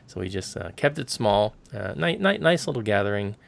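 Gravelly low-voiced man co-hosting a podcast. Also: moderate pace. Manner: relaxed, rambling with many fillers. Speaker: podcast co-host. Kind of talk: casual chat.

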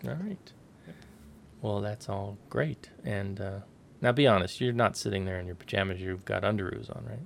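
A man's voice: lowish voice, creaky, a little hiss or hum. A man hosting a film podcast, wrapping up the show like an announcer and teasing his co-host. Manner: jokey, teasing, brisk announcer-like wrap-up. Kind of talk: podcast sign-off and casual chat.

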